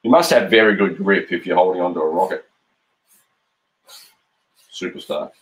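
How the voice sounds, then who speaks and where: A man's voice: deep voice, normal speed. A middle-aged man with an Australian accent, a cartoonist chatting playfully while drawing live, with frequent ums. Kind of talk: live-stream drawing chat.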